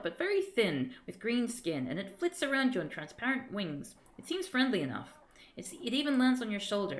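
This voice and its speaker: A woman streamer reading a gamebook aloud with theatrical flair, often tripping over words and starting sentences again. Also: fairly high pitch. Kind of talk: dramatic gamebook narration on a live stream.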